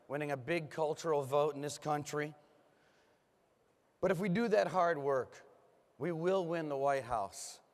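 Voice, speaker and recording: A man giving a rousing political conference speech from a podium, his voice hoarse from overuse, with punchy applause lines. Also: on the high side, moderate pace. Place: large conference hall. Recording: long reverb of a big hall.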